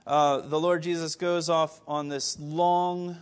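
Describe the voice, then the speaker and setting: A man delivers a sermon in a voice pitched higher than most men's. He keeps turning to his listeners with pointed rhetorical questions and sometimes stumbles and restarts his words. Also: slow, clear, resonant tone. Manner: animated, rhetorical questions to the congregation; occasional stammered restarts. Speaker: preacher.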